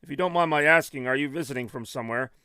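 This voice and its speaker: A man's voice: mid-range voice, rapid-fire, bright, forceful tone, clear, resonant tone, no room sound, studio quality, lightly acted. A man voicing an overly courteous male train steward in a game.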